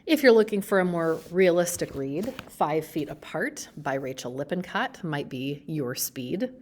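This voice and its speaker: A woman who works as a school librarian gives a book talk presentation, explaining each book in a friendly way with pauses. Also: sits low, sing-song, a little mellow.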